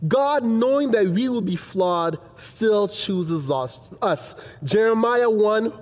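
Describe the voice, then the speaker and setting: High-voiced man preaching in a hall. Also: animated, slow pace, darkish tone. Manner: earnest, building repetition. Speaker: pastor. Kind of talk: sermon. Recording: long hall reverb.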